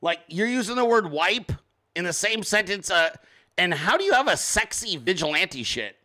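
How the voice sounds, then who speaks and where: Male host: bright, tense-edged voice, casual joking rambler who swears freely. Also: high-pitched, very animated, normal speed. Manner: reads sponsor ads informally. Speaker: show host. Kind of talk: casual live-stream commentary.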